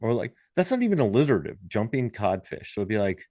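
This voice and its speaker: A man's voice: lowish voice, sing-song, fast talker, few pauses, warm tone, dry recording. Jokey podcast guest guy, voice jumps all over, dry close mic. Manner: playful, jokey, tries out silly phrases. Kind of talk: casual chat.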